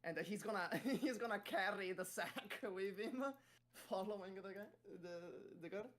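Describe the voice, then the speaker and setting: A woman's voice: medium pitch, moderate pace, fairly bright tone. A woman taking part as a player in a tabletop game, talking casually and swearing now and then.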